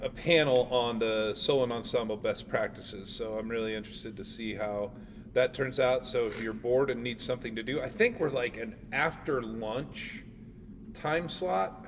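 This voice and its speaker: A man's voice: mid-range voice, moderate pace. A man co-hosting a podcast for music teachers, teasing his co-hosts with dry sarcasm in casual chat. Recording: roomy, distant mic with noise.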